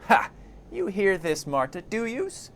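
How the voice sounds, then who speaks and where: Guy doing a cranky old lady, high and muttery, mangles her words, talks to herself. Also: huge pitch swings, measured pace, fairly bright tone, slight background noise, exaggerated voice. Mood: furious. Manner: muddled grammar, talks to herself. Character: shrieking mumbling old female corpse-picker, cranky.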